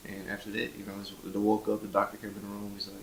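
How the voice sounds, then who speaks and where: Man in his 20s, low and flat delivery, conversational storyteller. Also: fast talker, echoey room, slight background noise, poor audio. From Memphis, Tennessee. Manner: conversational, acts out others' words, frequent "you know". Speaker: interviewee telling his story. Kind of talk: personal storytelling interview.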